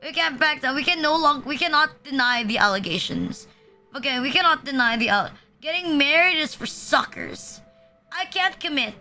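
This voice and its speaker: Soft music plays behind a VTuber's casual live-stream chat as she laughs often and rambles crudely, filling gaps with filler words. This young woman at home speaks at normal speed in a high, bright, forceful voice with lively intonation.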